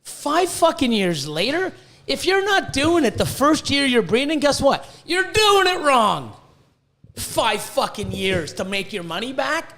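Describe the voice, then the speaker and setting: A man's voice: very high-pitched, very animated, unhurried, a bit bright. A man hosting a podcast, ranting bluntly with constant swearing about breeding reptiles. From Canada. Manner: profane, heated, blunt.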